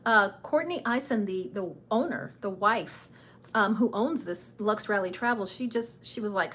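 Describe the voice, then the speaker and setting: A woman's voice: mid-range voice, expressive, normal speed, fairly bright tone. A middle-aged woman chatting casually on a travel livestream, a little nervous and self-deprecating. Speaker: travel vlogger and travel agent.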